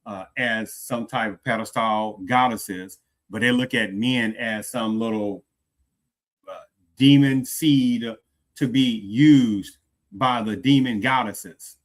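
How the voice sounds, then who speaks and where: A man hosting an opinionated commentary show, talking emphatically, repeating phrases and drawing out stressed words, swinging from loud to hushed. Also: mid-range voice, takes it slowly. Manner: emphatic, repeats phrases, asks "do you understand".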